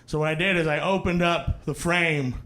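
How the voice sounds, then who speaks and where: A man's voice: on the high side, fairly even intonation, moderate pace, bright, forceful tone, reverberant. A man performing stand-up comedy, telling stories in a conversational style with punchy asides, on a handheld stage mic. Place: comedy venue with a live audience.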